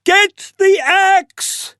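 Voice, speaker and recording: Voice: mid-range voice, sing-song, takes it slowly, dry recording, clean studio sound. A storyteller voicing a bold, eager young boy from a fairy tale. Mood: alarmed.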